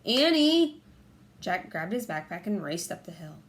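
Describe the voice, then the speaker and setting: A woman narrating a children's audiobook in a clear, measured storytelling manner. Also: fairly low pitch. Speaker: audiobook reader.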